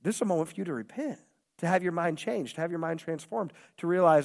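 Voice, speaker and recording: A man's voice: on the high side, quick pace, vocal fry, darkish tone. A man preaching a sermon as pastor, impassioned and repetitive, acting out quoted voices. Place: church hall. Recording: long hall reverb.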